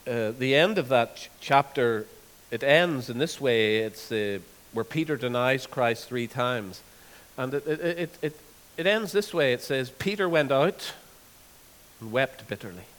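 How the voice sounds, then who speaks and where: A man preaching a sermon, earnest, repeating words and slowing down to stress scripture. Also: mid-range voice. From Northern Ireland. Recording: long hall reverb.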